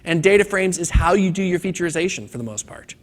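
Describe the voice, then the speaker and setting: This man speaks quickly in a high-pitched voice with lively intonation. As the instructor of a hands-on data class at a conference training session, he lectures casually and slips in a corny joke.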